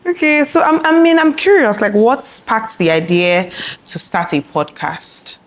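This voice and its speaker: A woman's voice: a little high, sing-song, measured pace. A woman interviewing a podcast host, attentive and curious, who often answers with short backchannel replies. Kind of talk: casual interview chat. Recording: faint background noise.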